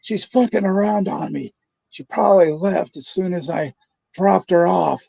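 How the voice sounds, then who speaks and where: A man voicing a frantic, jealous prank caller with a strained, raspy, high voice. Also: a little slow, mellow, heavily acted.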